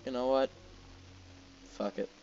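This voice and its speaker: A man's voice: mid-range voice, fairly even intonation, unhurried, gravelly, a little mellow, slight background noise. Young man, gamer, exasperated, swearing, muttering to himself, slightly dull lo-fi sound. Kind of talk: casual gameplay commentary.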